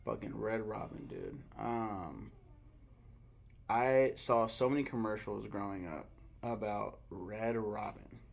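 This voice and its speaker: In a laid-back food ranking vlog, a young man rambles about his favorite restaurants, cursing often and stopping to hunt for names out loud. He speaks in a lowish voice with vocal fry, and a slight hiss or hum sits under the audio.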